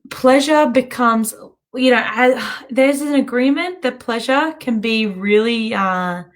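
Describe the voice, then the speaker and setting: A woman hosting a show, telling a story in a chatty, animated way and often breaking into giggles. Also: a little high. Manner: chatty and animated, self-interrupting. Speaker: host. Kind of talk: casual storytelling monologue.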